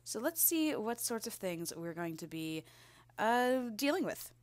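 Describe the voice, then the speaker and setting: A woman's voice: medium pitch, sing-song, a little slow, no room sound. A woman hosting a video game playthrough, chatting casually and trailing into asides. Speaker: let's play host.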